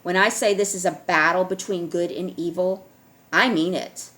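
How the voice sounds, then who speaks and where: A woman's voice: fairly low pitch, fairly even intonation, normal speed, a bit bright. A woman vlogger speaking in an emphatic, repetitive monologue to her viewers, often checking in with "all right?".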